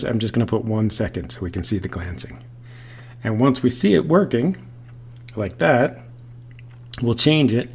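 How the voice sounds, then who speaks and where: Man, coding tutorial voice, playful, jokey tangents, medium pitch, loud bursts on examples. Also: vocal fry. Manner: playful, goes off on silly tangents. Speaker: coding teacher. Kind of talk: screen-recorded programming tutorial.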